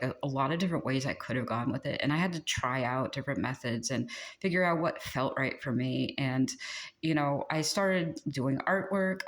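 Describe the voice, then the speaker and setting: A host giving a casual channeled spiritual pep talk, chatty and rambling, laughing often and venting frustration. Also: medium pitch. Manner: chatty and rambling, with many fillers and frequent laughs; exasperated and venting.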